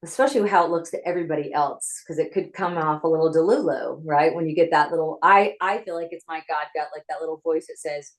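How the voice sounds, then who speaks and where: Over a video call from her home office, a screenwriter who used to act tells her story in an interview, chatty and animated. Her voice is low and she talks fast with few pauses, and the recording is rough.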